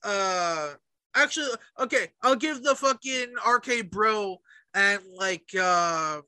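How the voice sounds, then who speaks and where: A man's voice: high-pitched, lively intonation, takes it slowly, sharp tone, clean tone, no room sound, low-quality recording. A man co-hosting a casual chat show, ranting animatedly and swearing often. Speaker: podcast co-host.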